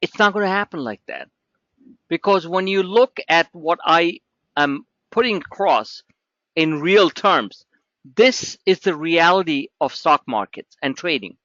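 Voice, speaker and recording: A man's voice: a little high, expressive, a little slow, a bit bright, no echo, dull audio. A man hosting a live trading webinar, rambling and joking informally, with many restarts and asides.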